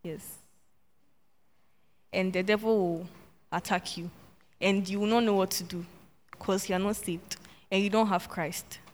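A young woman answering a teacher's questions in class, halting at first and then listing steadily. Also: medium pitch, fairly even intonation, big-room sound. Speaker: student.

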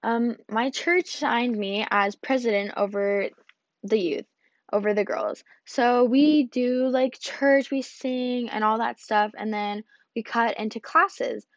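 A teenage girl giving a lively personal storytelling talk, acting out the dialogue and using "like" a lot. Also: a little high, slow, dry recording. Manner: animated, acts out dialogue, many fillers like "like". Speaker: speaker sharing a personal story. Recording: dull lo-fi dry recording.

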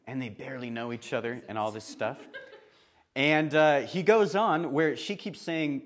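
Lively man preaching a sermon. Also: mid-range voice, moderate pace. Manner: chatty and lively, with laughing asides. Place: church.

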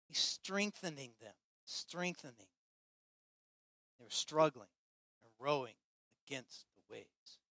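A man preaching a sermon to his church with passion, swinging between loud, emphatic lines and quiet, hushed ones. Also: fairly high pitch, no room sound. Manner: impassioned, swinging from loud to soft. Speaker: pastor.

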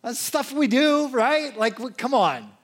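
High-voiced man preaching casually. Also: measured pace. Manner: casual, conversational preaching with lively acted quotes. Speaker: pastor. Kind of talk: sermon.

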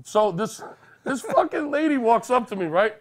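A man's voice: extremely high pitch, normal speed. A man with a cold, sniffling and congested, co-hosting a podcast and telling stories animatedly with plenty of swearing. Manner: animated, profane storyteller. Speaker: podcast co-host. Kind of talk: casual podcast banter.

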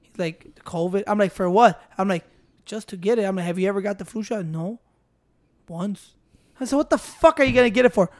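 A man's voice: sits high, brisk, a little mellow. A man, ranting among friends and acting out both sides of his stories. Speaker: friend in group chat. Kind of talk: casual profane banter.

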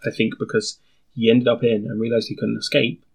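Gravelly, husky man joking. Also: medium pitch, little pitch movement, fairly quick, darkish tone. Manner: dry jokes, acts out quotes. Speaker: podcast co-host. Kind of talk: casual chat retelling an episode.

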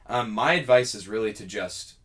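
A man's voice: lowish voice, moderate pace, a bit bright. Young male podcast co-host, casual storyteller, voices the people he quotes. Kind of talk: casual chat.

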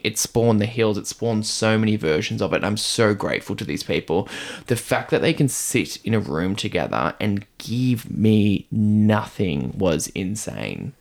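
A man co-hosting a podcast, chatting in a gossipy, campy way about reality TV. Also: on the low side. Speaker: podcast co-host. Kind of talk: casual pop-culture chat.

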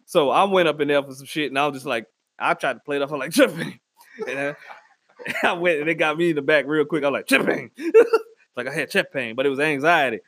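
Crude, blunt male ranter with a high voice, dry close sound, doing comic advice. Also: fast, a bit bright, no room sound. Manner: crude, blunt, giving mock advice to listeners. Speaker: comedic ranter. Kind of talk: profane comedic rant.

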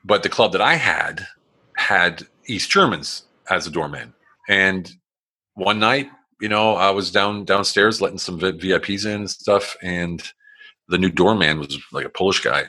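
Low husky-voiced man telling his story. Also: measured pace, bright, forceful tone. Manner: blunt, rambling, swears freely; frequent restarts and fillers, acts out quotes. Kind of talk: casual storytelling.

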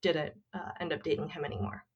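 A woman's voice: sits low, lively intonation, fast, husky, muffled recording. A woman co-hosting a casual podcast, retelling a friend's story in a chatty way with lots of fillers. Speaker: podcast co-host.

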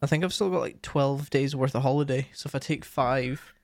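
A young man talks casually, wandering through his stories with constant fillers and false starts. His voice sits at an ordinary middle pitch and is recorded dry and close. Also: fairly quick, gravelly, no room sound. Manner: rambling, frequent fillers and restarts. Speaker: streamer and co-host. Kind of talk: casual chat.

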